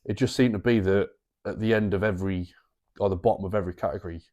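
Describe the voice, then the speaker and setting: A man's voice: low-pitched, fairly even intonation, quick pace, darkish tone, dull audio. A man co-hosting a sports podcast, chatting casually with rambling, sweary banter. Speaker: podcast co-host.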